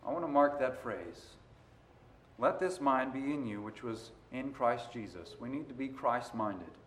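A man preaching a sermon, moving between quiet stretches and loud, emphatic passages. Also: medium pitch, expressive, a little slow. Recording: roomy echo.

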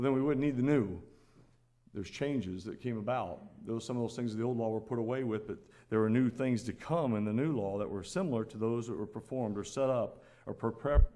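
A man's voice: on the low side, fairly quick, dark tone. A man preaching a sermon at the Lord's table, earnest and repeating phrases for emphasis, rising to exhort his listeners.

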